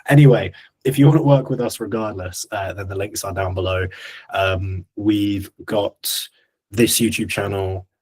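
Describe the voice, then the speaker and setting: A man's voice: fairly low pitch, steady tone, moderate pace, darkish tone, husky. A young man co-hosting a casual podcast, telling gym stories with laughs and casual swearing. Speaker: podcast co-host, coach.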